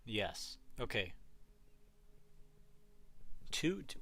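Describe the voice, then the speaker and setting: A man's voice: medium pitch, expressive, a little slow, bright, forceful tone. A man hosting a gaming livestream, chatting casually and rambling as he answers viewers' messages. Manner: rambling, answering chat messages as they come. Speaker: livestream host.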